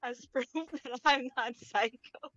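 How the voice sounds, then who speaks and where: A woman's voice: high voice, slow pace, a bit bright, dull audio. A woman playing a tabletop role-playing game over voice chat. She describes her character's actions in a chatty way, with many fillers and a lot of laughing. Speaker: player.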